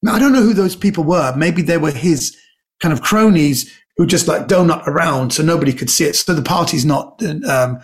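A man's voice: a little high, brisk. A man, a comedian guest, telling stories in casual chat and acting out the people in them. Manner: animated storyteller acting out quoted people.

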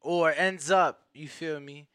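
Young male co-host, a bit high-pitched, dry close sound, loose "bro" slang. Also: steady tone, takes it slowly, bright, forceful tone, clear, resonant tone, no echo. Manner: slangy, says "bro" a lot, stumbling restarts. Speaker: podcast co-host. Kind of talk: casual chat.

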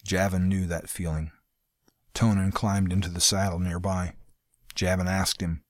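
Male audiobook narrator, low register, dry close recording, steady pacing. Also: dry recording. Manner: steady, measured storytelling. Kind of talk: scripted fantasy narration.

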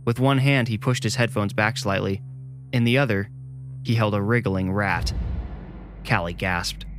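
A man reading a scripted horror story in a measured, deliberate way. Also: lowish voice, a little hiss or hum. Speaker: narrator.

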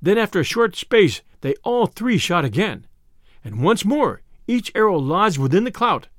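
Expressive high-voiced male storyteller. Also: moderate pace, no room sound, clean studio sound. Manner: expressive, archaic prose. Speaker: narrator. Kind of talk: storybook reading.

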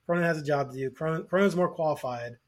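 A man co-hosting a sports podcast, talking in a casual, opinionated and animated way, going off on tangents. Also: on the high side, fast talker. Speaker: podcast co-host.

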